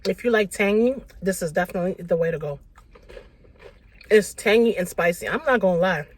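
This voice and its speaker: A woman food vlogger talking casually and excitedly between bites in an eating vlog, with slangy, chatty speech. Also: on the low side, fairly quick. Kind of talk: mukbang eating vlog chat.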